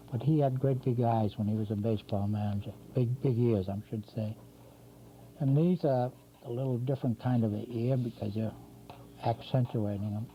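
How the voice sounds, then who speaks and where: An older man demonstrating cartoon drawing, talking casually and correcting himself as he works. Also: medium pitch. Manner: rambling, talks while drawing, self-correcting. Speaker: drawing instructor. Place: local TV studio. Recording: dull lo-fi 1990s community TV audio with faint hum.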